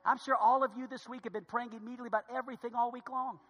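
Man, pastor, bright tense voice, humorous sermon storytelling, echoing sanctuary. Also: very high voice, level tone, rapid-fire, soft background music. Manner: humorous, emphatic preaching. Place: church sanctuary. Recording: long reverb of a large hall.

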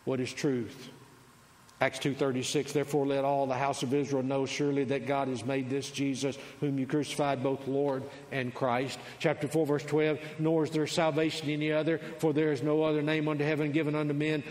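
A man preaching to a congregation, his fairly high voice ringing through a large sanctuary with a long reverb tail. He moves between loud, emphatic declarations and quiet, conversational asides. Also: little pitch movement, moderate pace. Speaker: pastor. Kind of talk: sermon.

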